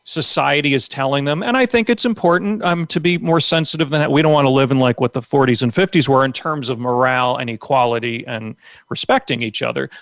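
Rambling, animated comedian, dry close mic. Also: male voice, mid-range voice, a little fast, dry recording. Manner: rambling, animated, full of restarts. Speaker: comedian and author guest. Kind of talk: casual podcast interview.

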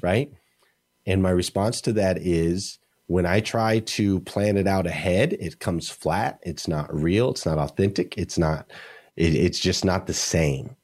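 A man's voice: sits low, unhurried, a little mellow. A middle-aged man speaking as an interview guest, earnest and emphatic, repeating phrases for effect. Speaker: morning show host. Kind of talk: motivational interview talk.

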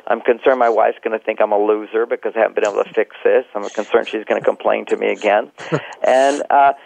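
A man's voice: on the low side, fairly even intonation, quick pace, vocal fry, a little mellow, dry recording. A middle-aged man who works as a relationship counselor gives advice in an interview, reflectively talking himself through examples and chuckling often. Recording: tinny phone-like line, dry.

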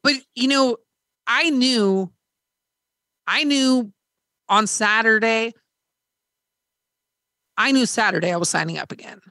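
A woman's voice: a little high, slow, pauses often, bright, forceful tone, no echo, studio quality. A woman hosting a podcast, candidly retelling a hard experience in casual chat, swearing freely and acting out quoted dialogue. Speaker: podcast host.

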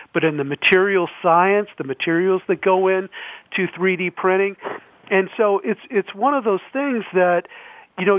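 A man's voice: sits high, no echo, narrow, tinny audio. A man speaking earnestly as a panel guest. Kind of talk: panel discussion answer.

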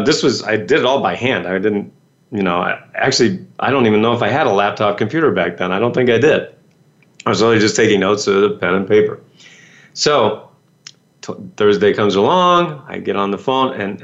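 A man telling a personal story to an audience in a casual, animated way, jumping into the voices of the people he quotes. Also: mid-range voice, lo-fi sound. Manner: animated, acts out quoted voices, many fillers.

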